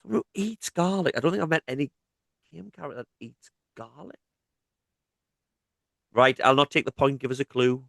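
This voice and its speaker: A man in his thirties with a Mackem accent chats loosely as co-host of a gaming podcast. He is teasing and jokey, at a middling pitch. The sound is dry and close, with no room echo. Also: expressive, moderate pace, gravelly, long pauses, a bit bright. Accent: Mackem (Sunderland). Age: 30s. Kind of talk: casual gaming podcast chat.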